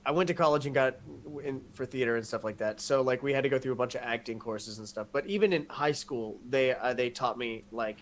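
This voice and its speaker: A man from the American South chats on a podcast in a loose, rambling way, laughing and swearing as he goes. He has a middle-pitched voice, with faint noise in the background. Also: a little fast, hardly any pauses. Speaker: podcast co-host. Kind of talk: casual chat.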